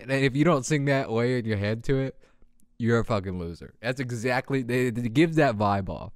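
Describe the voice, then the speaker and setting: A man's voice: medium pitch, lively intonation, measured pace, no room sound, clean studio sound. A young man hosting his own podcast, rambling in casual profane talk and laughing at his own jokes. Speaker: podcast host. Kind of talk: casual solo podcast rant.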